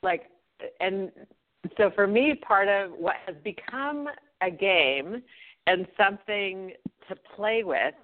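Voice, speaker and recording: A woman co-hosting a podcast in casual chat, reflective and laughing between her thoughts. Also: medium pitch. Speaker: podcast co-host. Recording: tinny phone-like sound.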